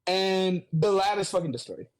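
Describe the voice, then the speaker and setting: A man with a high voice that swings up and down, animatedly retelling a comic book story on a casual podcast. He swears freely and keeps the chat loose. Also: animated, moderate pace. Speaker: podcast co-host.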